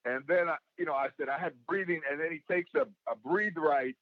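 A man with a gravelly voice, a comedian being interviewed, telling stories and acting out what people said. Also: fairly high pitch, brisk, dry recording, highs cut off. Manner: storytelling, acts out quoted voices. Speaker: guest, comedian and actor. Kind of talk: casual interview talk.

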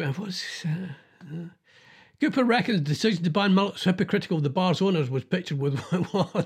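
A man's voice: high-pitched, slightly rough. A man hosting a casual chat about news stories, rambling and thinking aloud as he goes.

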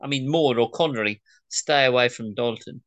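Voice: mid-range voice, moderate pace, fairly bright tone, natural voice. A performer reading a demanding, impatient male boss on a call in a comedy table read, brusque and exasperated.

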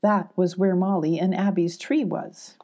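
A woman's voice: lowish voice, steady tone, a little slow, mellow. A woman voicing a firm, encouraging male animal leader in a children's story.

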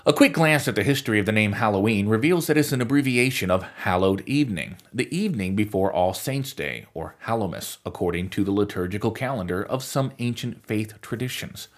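A man's voice: fairly low pitch, animated, fairly quick, hardly any pauses. A man hosting a podcast, delivering scripted commentary with wry, sarcastic asides. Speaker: podcast host.

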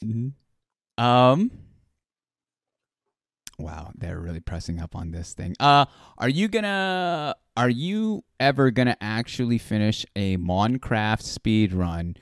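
A man's voice: medium pitch, animated, takes it slowly, dry recording, studio quality. A man hosting a casual chat, joking and reading chat questions aloud to his guest. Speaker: podcast host interviewing a streamer.

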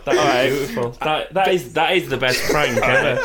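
A man's voice: medium pitch, normal speed, a loud crowd. A man hosting a podcast in casual chat, enthusiastic and laughing as he reacts and introduces segments. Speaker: podcast host.

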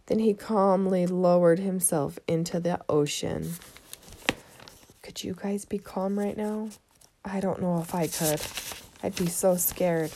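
Gravelly woman reading a storybook aloud. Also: lowish voice, fairly even intonation, slow, warm tone, slight background noise. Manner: chatty asides to young listeners. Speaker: storybook reader. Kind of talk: reading a children's chapter book aloud.

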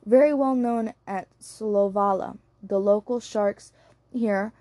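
A woman's voice: mid-range voice, slow pace, warm tone, dry recording, lightly acted. Woman reading as a curt, bossy male police chief. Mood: brusque. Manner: curt, commanding. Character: brusque male police boss. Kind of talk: audiobook character reading.

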